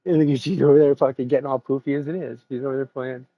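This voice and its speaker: A man's voice: mid-range voice, steady tone, quick pace, dry recording, phone-quality sound. A man hosting his stream, chatting casually in a rambling, profane way and laughing often. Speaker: streamer host. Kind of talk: casual chat after a sim race stream.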